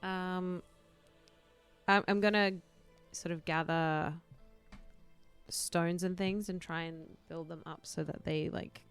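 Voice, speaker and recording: Female player, low gravelly voice, hesitant and casual, faint music. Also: fairly even intonation, slow pace, pauses often. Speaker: tabletop game player. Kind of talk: casual play at the table.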